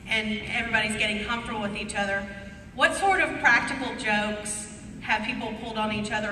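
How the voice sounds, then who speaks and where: Female audience member, clear steady question, bright voice, far off in a reverberant hall. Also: mid-range voice, slight background noise. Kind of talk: asking a question at a panel.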